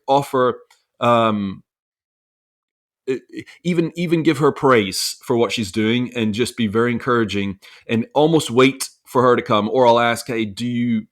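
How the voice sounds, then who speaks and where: A man in his thirties, co-hosting a podcast, tells a personal family story in a reflective, earnest way with frequent restarts. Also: medium pitch. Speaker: podcast co-host. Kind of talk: casual conversational storytelling.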